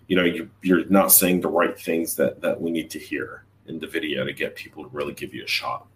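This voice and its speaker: A man's voice: sits low, brisk. A man giving blunt, emphatic career advice on a live chat show as hiring leader. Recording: voice distant from the mic.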